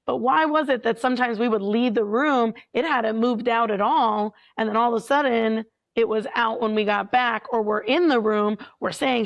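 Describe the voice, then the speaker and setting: A woman telling a story in a chatty, animated way as a paranormal investigator guest, full of filler words. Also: fairly high pitch, moderate pace, few pauses, muffled recording. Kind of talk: casual storytelling.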